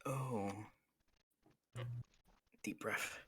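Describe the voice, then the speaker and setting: A man's voice: on the low side, steady tone, very slow, fairly bright tone, slightly rough, dry recording. A man playing a tabletop game, hesitant and full of fillers, sometimes muttering under his breath. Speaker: player. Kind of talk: tabletop role-play.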